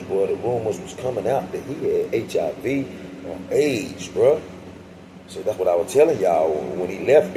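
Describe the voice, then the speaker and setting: A vlogger with a lowish voice recounts his time in prison, talking slangy and profane while frequently addressing the audience directly. The young man's casual storytime is set against noisy surroundings.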